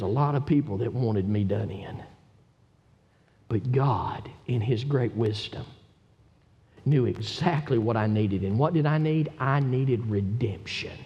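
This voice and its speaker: A man preaching a sermon from a church pulpit, building from steady teaching into impassioned, emphatic calls to his listeners. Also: medium pitch. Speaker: pastor. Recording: long hall reverb.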